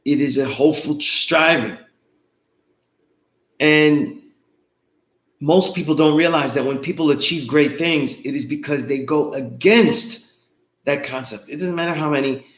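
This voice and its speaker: A man's voice: on the high side, measured pace, roomy sound. A man instructing an online course, lecturing in a loose conversational way and often checking in with his students. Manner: conversational, loose, often asks "you know what I mean?".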